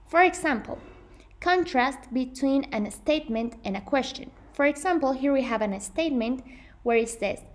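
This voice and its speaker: A woman's voice: high-pitched, lively intonation, normal speed. Earnest young woman teaching pronunciation. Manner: earnest, careful, with frequent self-corrections. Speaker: English pronunciation presenter. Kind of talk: scripted lesson presentation.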